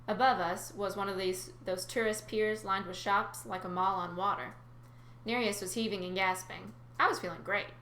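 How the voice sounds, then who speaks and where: A woman's voice: medium pitch, steady tone, moderate pace, bright, forceful tone, slight background noise. A woman reading a first-person adventure story aloud, with chatty asides to her listeners. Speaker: narrator. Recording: roomy recording.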